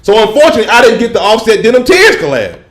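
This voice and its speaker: A young man hosts a loose livestream podcast and tells stories with profane slang and frequent laughter. His pitch swings widely as he talks, rising high when he gets worked up. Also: rapid-fire. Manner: animated storyteller, profane slang, laughs often. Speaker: podcast host. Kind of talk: casual solo livestream chat.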